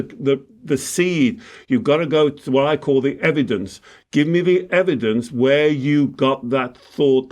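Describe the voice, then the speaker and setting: A man who works as a spiritual coach, teaching emphatically in conversation and acting out exchanges with clients. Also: medium pitch. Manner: emphatic, acts out client dialogues.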